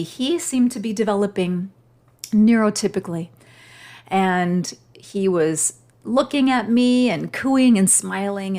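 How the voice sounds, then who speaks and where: A woman's voice: mid-range voice, a little mellow. A middle-aged woman hosting her own podcast, telling a personal story in a heartfelt, emotional way. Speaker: podcast host.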